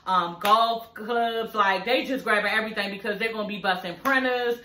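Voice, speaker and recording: A woman's voice: medium pitch, moderate pace, pushed and bright, roomy sound, slight background noise. A woman recapping a reality TV episode in casual chat, swearing freely, laughing often and addressing viewers as y'all. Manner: chatty and profane, keeps addressing viewers as y'all; laughs often while talking.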